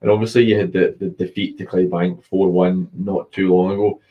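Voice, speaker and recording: A Scottish man hosting a football show, chatting casually with banter and quick asides. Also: deep voice, little pitch movement. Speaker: radio football show host. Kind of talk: casual sports chat. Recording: muffled lo-fi stream audio.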